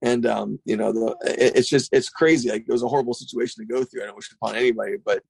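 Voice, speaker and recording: A gravelly-voiced middle-aged man talks quickly and loosely, swearing freely as he rambles through skate stories. The sound is dry and close, with no room in it. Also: mid-range voice, no echo. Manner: profane, rambling, animated storyteller. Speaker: skate shop owner. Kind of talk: casual podcast chat.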